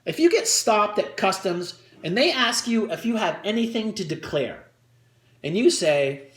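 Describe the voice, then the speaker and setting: A man doing a stand-up comedy routine for an audience, talking crudely and switching into quick character voices. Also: sits high, lively intonation, fairly bright tone, reverberant. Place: performance room with audience.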